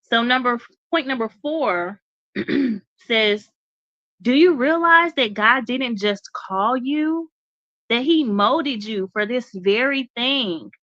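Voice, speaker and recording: A woman's voice: on the high side, expressive, slow, bright, forceful tone, dry recording, muffled recording. A woman hosting a live faith talk show, speaking conversationally, asking her listeners questions, reading points aloud and repeating key phrases like a preacher. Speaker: host.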